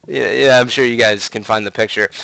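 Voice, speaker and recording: Bright-voiced young man swearing through a story. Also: medium pitch, brisk, gravelly, no room sound, poor audio. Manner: profane, rambling, animated storytelling with many fillers. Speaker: gaming commentator podcast host. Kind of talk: casual storytelling monologue.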